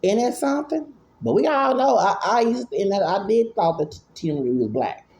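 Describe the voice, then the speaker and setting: A man in his forties gives a loose, rambling commentary, doubling back and stumbling over his words. His voice is mellow and dark, with a gravelly fry running through it. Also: sits high, lively intonation, moderate pace. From Houston, Texas. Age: 40s. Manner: rambling, repeats himself, stammers. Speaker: vlogger. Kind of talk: casual commentary.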